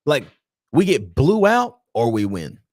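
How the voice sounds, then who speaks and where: A man hosting a casual sports talk livestream, speaking in a frustrated, emphatic and animated way. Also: mid-range voice, unhurried, no echo, studio quality. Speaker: sports talk show host.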